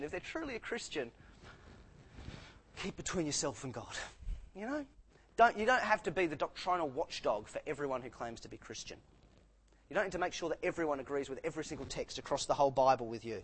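A man's voice: a little high, a bit bright, husky, poor audio. A man preaching a sermon in a church, earnest and emphatic, often repeating words to stress a point.

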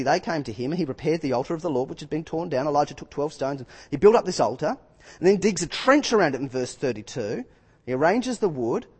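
A man preaching a sermon, retelling scripture with lively acted-out quotes. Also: high-pitched, slightly rough, big-room sound.

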